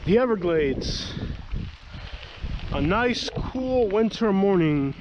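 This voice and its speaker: A man's voice: sits high, animated, slow, highs cut off, noisy background. A man from Florida with a Southern US accent, talking casually as a travel vlogger in a chatty, folksy way. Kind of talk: casual travel vlog narration.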